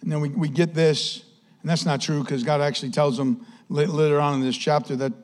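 A man preaching from the pulpit in a notably high voice. He hammers repeated lines at the church and sometimes sinks into a quiet, hushed tone to make his point. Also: fairly even intonation, fairly quick. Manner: emphatic, repetitive preaching, drops to a soft hush. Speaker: pastor. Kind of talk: sermon.

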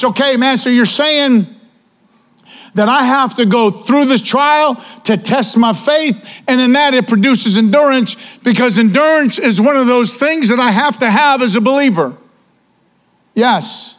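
High-voiced pastor preaching with fervor. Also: male voice, normal speed, fairly bright tone. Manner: preaching with rising fervor, repeating key phrases. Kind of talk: sermon.

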